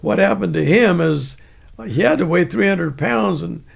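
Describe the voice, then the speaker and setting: Older man, very gravelly, husky voice, rambling storyteller, chuckling. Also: high voice, expressive, moderate pace. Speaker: veteran storyteller. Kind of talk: casual spoken anecdote.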